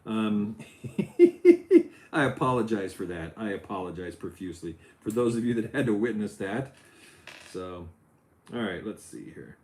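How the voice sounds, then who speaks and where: A middle-aged man hosting a casual Lego building livestream, loose and chatty, his voice jumping up when he gets excited. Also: fairly low pitch, moderate pace. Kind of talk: casual chat while building. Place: home office.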